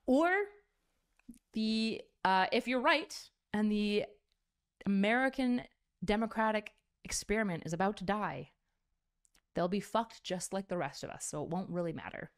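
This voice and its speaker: A woman content creator, medium-pitched and speaking at a measured pace, talks bluntly and profanely in this clip of a rambling, casual stream.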